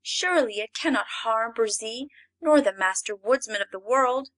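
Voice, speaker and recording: A woman's voice: a little high, normal speed, fairly bright tone, close to an everyday voice. A woman voicing a bold young female nymph in a storybook reading, speaking in a raised, earnest tone. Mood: pleading.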